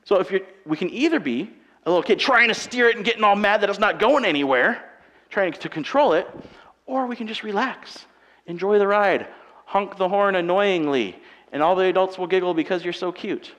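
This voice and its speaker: A young man preaching a sermon in a church, conversational and shifting between quiet and emphatic delivery. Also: high-pitched, expressive, brisk. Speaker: pastor. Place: church sanctuary. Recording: long reverb of a large hall.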